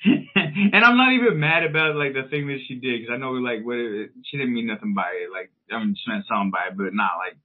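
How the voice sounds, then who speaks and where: Over tinny, phone-like audio, a thirtysomething podcast co-host rambles through a lengthy tale in casual conversation, cursing freely and leaning on fillers. His voice is medium-pitched with a breathy edge and moves at a moderate pace.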